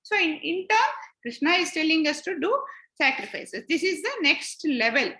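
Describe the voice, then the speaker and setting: Woman teacher, high bright voice, patient explanatory lecture in a roomy, echoey space. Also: lively intonation, normal speed. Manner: patient, repeats points and retells stories. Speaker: scripture study teacher.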